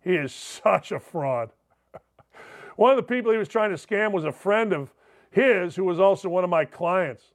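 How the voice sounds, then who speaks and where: Older guy ranting on sports radio, mocking and sarcastic, kinda high voice. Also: animated, a little slow. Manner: reads listener messages aloud. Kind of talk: opinionated talk radio monologue.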